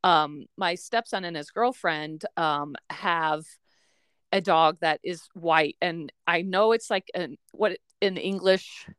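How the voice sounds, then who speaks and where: A woman's voice: fairly low pitch, takes it slowly, a bit bright, clean tone, dry recording. A woman hosting a podcast, asking questions in a friendly casual chat with lots of fillers. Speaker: podcast host.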